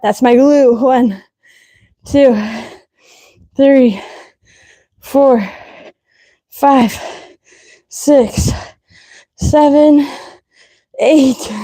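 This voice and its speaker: A woman's voice: a little high, mellow. A woman fitness instructor coaching a live leg workout, out of breath, counting reps aloud and giving short cues.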